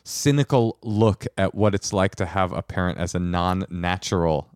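A man's voice: deep voice, moderate pace, darkish tone, dry recording, studio quality. A man co-hosting a podcast, chatting casually with playful quips and laughter. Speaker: podcast co-host. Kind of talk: casual chat.

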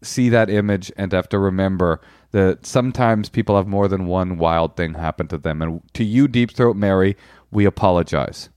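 A man's voice: deep voice, normal speed, a little mellow, smooth, no room sound, clean studio sound. A man co-hosting a podcast, reading listener emails aloud in a crude, wry, playful way. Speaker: podcast co-host.

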